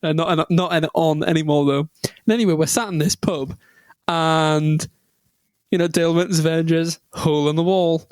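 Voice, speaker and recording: A man's voice: fairly high pitch, steady tone, normal speed, no room sound, clean studio sound. A man co-hosting a podcast and telling a rambling, self-deprecating story with lots of ums. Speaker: podcast co-host. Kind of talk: casual chat, storytelling.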